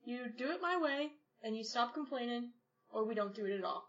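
Lively woman player at a tabletop game. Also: on the high side, brisk. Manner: lively and laughing. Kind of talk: casual tabletop play. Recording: dull lo-fi recording.

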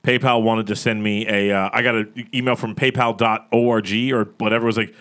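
A man's voice: on the low side, little pitch movement, brisk, fairly bright tone. A man from Florida co-hosting a podcast, joking and rambling with frequent restarts. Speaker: podcast co-host. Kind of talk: casual chat.

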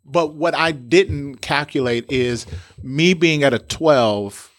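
A man's voice: a little high, takes it slowly. A man who talks like a preacher, persuasive and declarative, in a candid conversation. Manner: emphatic, persuasive, preacher-like delivery. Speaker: pastor. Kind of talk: conversational podcast talk.

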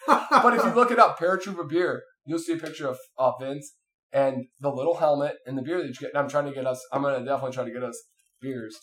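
A man's voice: mid-range voice, fast, noisy background. A man in casual chat, telling a long story with lots of fillers and restarts. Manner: rambling, animated, many fillers and restarts.

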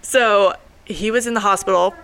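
A playful woman co-hosts a chatty podcast. Her voice is bright and clear at a middle pitch. She teases her co-host and laughs easily. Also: steady tone, normal speed. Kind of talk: casual chat, reading a quote. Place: bookstore with shoppers around.

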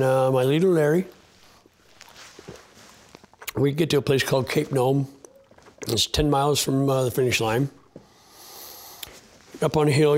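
A man's voice: a little high, darkish tone. A man, a sled dog racer, telling a heartfelt story in an interview in a folksy, plain-spoken way, with many fillers and restarts. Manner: choked up and close to tears at times.

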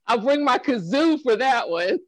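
A high-pitched man co-hosts a casual chat with frequent laughter and quick joking comments. His voice sounds close and dry, with no room echo. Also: expressive. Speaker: podcast co-host.

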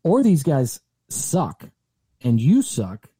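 A man co-hosting a podcast, talking sports in a casual, animated and exasperated way, with some swearing. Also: medium pitch, slow, slightly rough, no echo. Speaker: podcast co-host.

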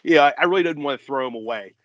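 A man's voice: a little high, rapid-fire, a bit bright, no room sound, muffled recording. A man being interviewed on a podcast as a guest author, telling rambling stories and laughing at his own jokes. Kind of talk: casual podcast chat.

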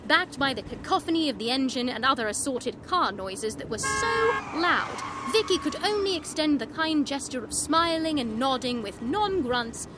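Woman narrator, high voice, animated, teasing, scripted comedy, music under. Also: normal speed, hardly any pauses, very noisy. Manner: theatrical, teasing the listener.

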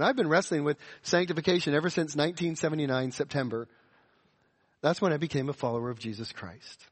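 A middle-aged man delivers a sermon in an earnest, searching way, restarting phrases and sinking low at the close of each thought. His voice sits high for a man. The hall around him rings with a long echo. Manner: earnest, repeats words, drops low at phrase ends. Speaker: preacher.

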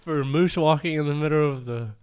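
A young man co-hosting a casual podcast, cutting in with quick jokes. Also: a little high, darkish tone, smooth, lo-fi sound. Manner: joking, quick interjections. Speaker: podcast co-host. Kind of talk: casual chat.

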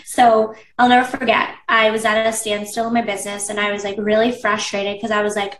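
A woman business coach chats casually in an interview, saying "like" a lot and acting out her past thoughts. Her mid-range, fairly bright voice is flat and a little fast with few pauses, recorded off-mic in an echoey room.

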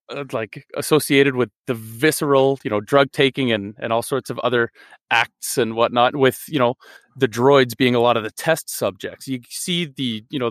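A man's voice: mid-range voice, fairly bright tone, dry recording, studio quality. A man as a guest on a casual podcast, telling jokey stories. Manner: jokey storyteller.

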